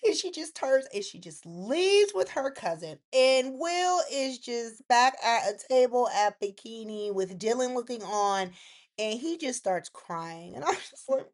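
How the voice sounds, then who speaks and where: A woman hosting a casual recap vlog, chatty and opinionated, acting out quotes with sudden jumps in voice. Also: measured pace. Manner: chatty, animated, acts out characters' quotes in lively pitch jumps; opinionated asides to the viewer. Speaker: soap opera recap host.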